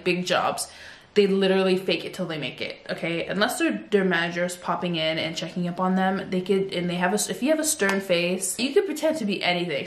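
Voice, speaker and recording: A woman in her twenties chatting at home into a phone, telling a casual storytime in an animated way. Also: on the low side, roomy sound. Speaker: vlogger.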